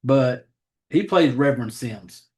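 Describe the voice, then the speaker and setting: A man's voice: medium pitch, lively intonation, takes it slowly, a little mellow. Southern man, podcast host, loose and profane, rambles, easygoing chat. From Southern United States. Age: adult, has a child. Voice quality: rambling, profane, self-deprecating about names. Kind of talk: casual chat.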